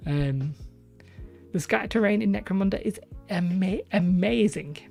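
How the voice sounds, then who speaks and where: A woman's voice: medium pitch, unhurried, vocal fry, warm tone, soft background music. A woman hosting a live stream, chatting casually and rambling as she reads out viewers' comments. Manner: rambling, chatty, self-deprecating.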